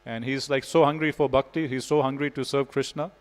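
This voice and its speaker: A man's voice: medium pitch, steady tone, brisk, poor audio. A man giving a devotional scripture class in a temple, telling stories in a casual way with frequent "you know". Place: temple hall.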